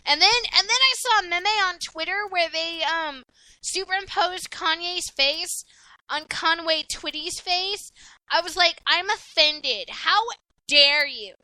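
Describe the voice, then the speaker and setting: A woman's voice: very high voice, measured pace, pushed and bright, no room sound, low-quality recording. A woman co-hosting a casual podcast, blunt and rowdy, swearing freely and often laughing. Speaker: podcast co-host. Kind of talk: casual profane chat.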